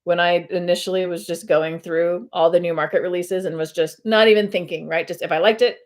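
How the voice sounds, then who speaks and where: Casual female host, slightly low pitch, rambling live-stream chatter at home. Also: steady tone, fairly quick. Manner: chatty and rambling, many fillers and self-corrections. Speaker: host of a cross-stitch video channel. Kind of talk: casual live-stream chat while stitching.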